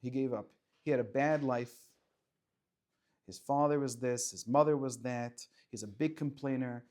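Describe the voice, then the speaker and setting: A man teaching a lively Torah class to students, firing rhetorical questions and dropping to quiet explanation. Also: medium pitch, normal speed, long pauses. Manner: animated, swings between loud questions and quiet explaining, chats with students.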